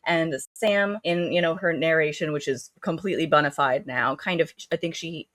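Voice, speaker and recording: A woman co-hosting a casual book review podcast, acting out characters in high playful voices as she retells scenes. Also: normal speed, fairly bright tone, no echo, studio quality. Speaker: podcast co-host.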